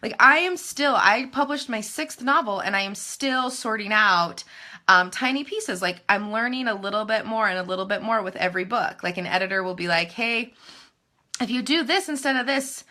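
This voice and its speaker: A woman novelist in her thirties, chatting live to viewers with emphatic, animated writing advice and self-mocking asides. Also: medium pitch, brisk. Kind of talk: live video chat answering viewer comments.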